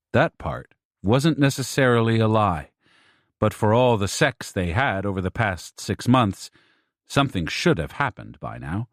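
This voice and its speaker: A man with a lowish voice reads an audiobook in a measured, even manner. The sound is dry and close, with no room at all. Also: no echo. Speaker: audiobook narrator. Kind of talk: scripted narration.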